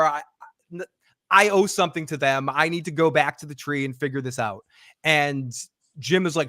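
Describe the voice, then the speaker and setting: A man co-hosting a casual TV recap livestream, animated and acting out quotes from the episode. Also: fairly high pitch, normal speed, no echo, clean studio sound. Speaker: co-host.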